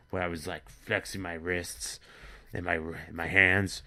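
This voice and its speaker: A man's voice: low-pitched, little pitch movement, normal speed, sharp tone. A man telling an absurd, crude comedy story in a rambling way as the show's narrator.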